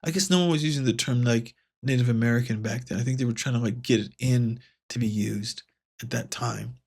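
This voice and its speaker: Man host talking through a comic, gravelly, mid-pitched, loose and rambling. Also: a little fast, a little mellow. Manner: rambling, many fillers and restarts; paraphrases dialogue in a lightly raised voice. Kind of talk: casual comic book review.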